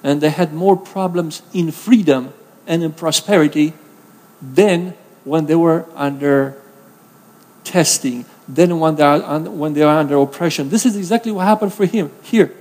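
A man's voice: a little high, normal speed, darkish tone, long reverb tail. A man preaching a sermon in an earnest, conversational way, from Romania, reading scripture with emphasis and addressing the congregation directly.

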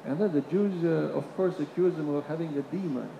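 A man preaching a sermon. He builds to emphatic peaks, drops into quiet asides, and repeats phrases while he searches for words. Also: on the high side, fairly quick, vocal fry, muffled recording. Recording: reverberant hall, faint room noise.

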